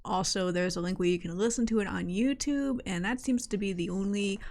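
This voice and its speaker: Woman cohost on a podcast, chatty and wry, middle pitch. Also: a little fast, a little mellow. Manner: chatty, wry, laughs often. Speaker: podcast co-host reviewing a metal album. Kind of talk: casual podcast chat.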